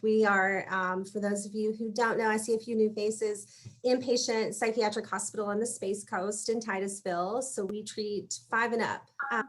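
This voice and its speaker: Woman, Southern US accent, slightly high voice, upbeat, promotional, video call. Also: a bit bright. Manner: upbeat, promotional, filler-heavy. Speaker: psychiatric hospital representative. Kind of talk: casual video-call introduction.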